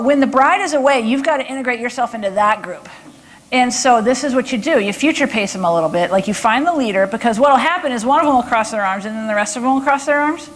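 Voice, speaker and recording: A woman from Texas giving a lively conference talk to an audience, taking questions and often checking in with "okay?". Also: on the high side. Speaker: body language speaker.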